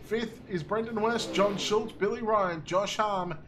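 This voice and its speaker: A man calling a live speedway race as play-by-play commentator, getting excited with the action. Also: high-pitched, a little slow, noisy background.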